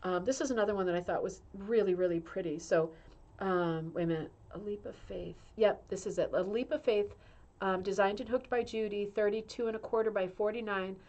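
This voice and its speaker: A woman's voice: mid-range voice, brisk, darkish tone. Chatty woman reading a magazine aloud. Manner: chatty, reads aloud with asides and laughs. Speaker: show host reading a magazine. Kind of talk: casual livestream chat. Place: indoor room with a humming heater.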